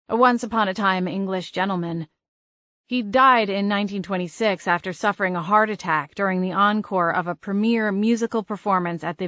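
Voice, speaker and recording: A woman narrating an audiobook in an expressive, brisk reading style. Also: fairly low pitch, no echo.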